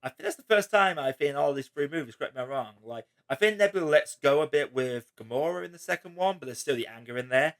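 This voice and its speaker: A man's voice: on the high side, expressive, fast, few pauses, a bit bright. A man hosting a casual spoiler chat, talking animatedly and acting out quotes in raised voices. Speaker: podcast host.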